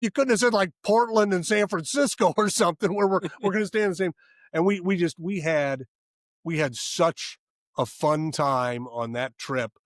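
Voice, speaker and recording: A man's voice: a little high, no room sound, studio quality. A man in his sixties, a former sports radio host, telling rambling stories as a podcast guest, restarting his sentences and laughing as he goes. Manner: rambling anecdotal storyteller, frequent restarts and laughs. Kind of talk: casual storytelling interview.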